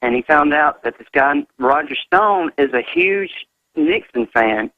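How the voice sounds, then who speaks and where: A man's voice: a little high, animated, a little slow, no echo. A man calling in to a radio show, talking hesitantly with many fillers. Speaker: caller. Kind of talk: phone-in call. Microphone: telephone. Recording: dry, tinny phone line.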